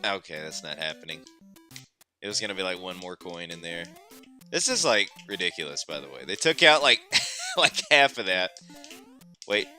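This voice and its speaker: A man hosting a relaxed gameplay stream, with frequent exclamations and laughter. His voice is very bright and lively, leaping up and down in pitch. Faint music plays underneath. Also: moderate pace, long pauses. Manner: animated, exclamatory, laughs often. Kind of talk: casual gameplay chat.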